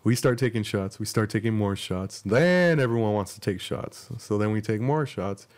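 A young man hosts a podcast, spinning a rambling, profane story about himself in a loose, self-deprecating style. His voice sits fairly low with a darkish tone, and he speaks at a normal pace.

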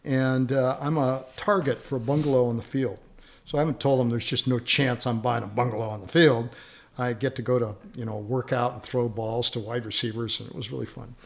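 A middle-aged man, a father of a big family, recounting anecdotes in a relaxed group chat. He talks with animation and slips into the voices of the people in his stories. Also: mid-range voice, vocal fry. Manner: animated anecdote-telling, acts out quoted voices. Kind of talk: casual chat.

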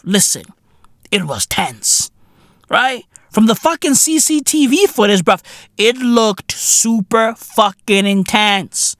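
A man's voice: high-pitched, a bit bright, no echo, studio quality. A man hosting a podcast, ranting in a comedic monologue full of slang and swearing, often breaking into laughter. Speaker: podcast host.

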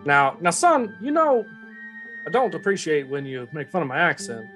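A man voicing a fatherly older police chief with a Southern US accent and a booming, stammering drawl. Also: sing-song, moderate pace, a bit bright, faint music behind. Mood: genial.

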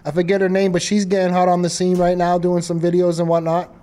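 A man's voice: high-pitched, monotone, fast, dark tone. A man with a Boston accent hosting a radio show, laid-back and slangy. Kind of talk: casual radio interview.

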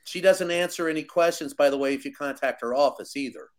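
A male journalist with a somewhat high voice, talking bluntly on a panel. He is sarcastic and scornful, laughs easily and speaks in quick bursts. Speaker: journalist guest. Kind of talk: casual panel talk.

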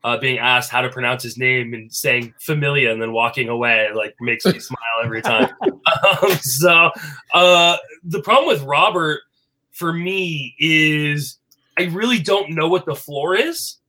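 A man talking fantasy baseball in a casual chat, animated and full of fillers and restarts. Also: a little high, measured pace. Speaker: fantasy baseball podcast panelist.

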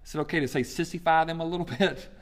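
A male pastor with a fairly high voice, preaching in a loose, conversational style. He is animated and quick to joke between points. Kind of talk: sermon.

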